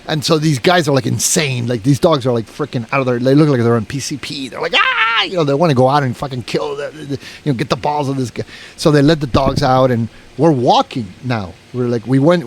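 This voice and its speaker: In a casual podcast chat, a man with a mid-range voice tells a long story a little fast, with slight background noise. He rambles, swears, restarts his sentences, and says "you know" a lot.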